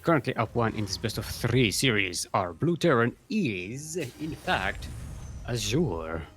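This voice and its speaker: A man's voice: mid-range voice, very animated, unhurried, over music. A man casting a live video game match, joking and often restarting his sentences. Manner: rambling, jokey, frequent restarts. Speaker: esports caster.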